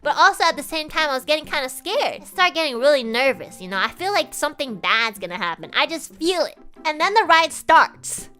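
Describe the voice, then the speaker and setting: A woman streamer telling a story in a casual, animated chat, swearing freely and laughing as she goes. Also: sits high, brisk, few pauses, faint music behind.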